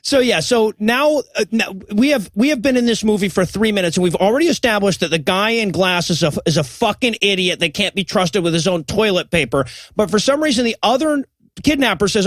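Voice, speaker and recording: A high-pitched man riffs sarcastically on a bad movie, summing up scenes with deadpan jokes. He sounds dry and close to the mic, with no room around him. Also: brisk, dry recording. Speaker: podcast co-host. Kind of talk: casual comedic movie riffing.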